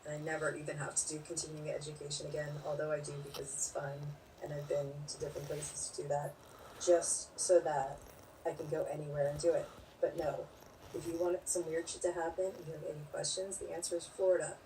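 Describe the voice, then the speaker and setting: A low-pitched woman in her forties talks loosely with viewers, blunt and rambling, with curses dropped in along the way. Her voice sits back from the mic, and a faint hiss runs under it. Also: flat delivery, fairly quick, dark tone. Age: 40s. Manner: blunt, rambling, swears freely. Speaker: live streamer. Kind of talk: casual chat reading viewer comments. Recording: distant mic with faint background noise.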